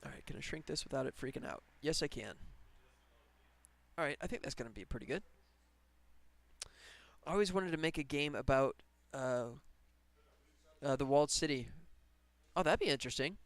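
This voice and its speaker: A man's voice: medium pitch, moderate pace, creaky, pauses often, no room sound. A man game developer chatting casually on a live stream while he works, rambling and laughing often. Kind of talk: casual livestream chat while working.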